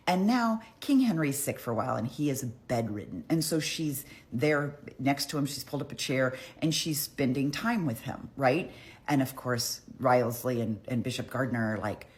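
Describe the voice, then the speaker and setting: Woman with a very deep voice, casual history storytelling, irreverent, profane, chatty. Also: normal speed, darkish tone.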